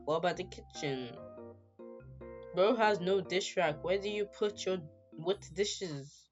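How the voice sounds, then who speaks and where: A woman's voice: lowish voice, slow, muffled recording, soft background music. A woman reading a visual novel aloud as she plays it, breaking off for playful asides. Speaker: gamer.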